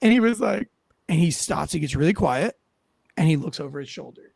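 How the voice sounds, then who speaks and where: A former police officer telling a story in casual chat, animated and profane, acting out what people said. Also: male voice, fairly high pitch, a little fast, vocal fry, breathy edge, no room sound. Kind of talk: casual storytelling on a talk show.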